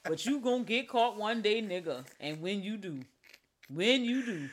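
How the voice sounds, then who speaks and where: A woman's voice: medium pitch, expressive, normal speed. A woman co-hosting a podcast, teasing and insistent in casual chat. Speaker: podcast co-host.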